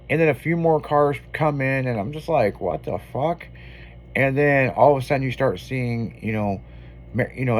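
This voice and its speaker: Man, radio host, casual on-air chat, cussing storyteller, mid-pitched voice. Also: slight background noise. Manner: profane, animated storyteller.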